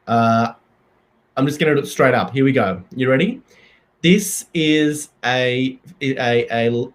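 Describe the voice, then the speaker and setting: A man hosting a comedy live stream, talking in a halting, deadpan way with many fillers. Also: mid-range voice.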